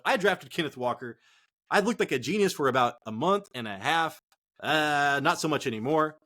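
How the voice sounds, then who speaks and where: A man hosting a sports podcast, talking in an excitable, casual way, swearing often and calling listeners "dude" and "man". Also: a little high. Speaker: podcast host.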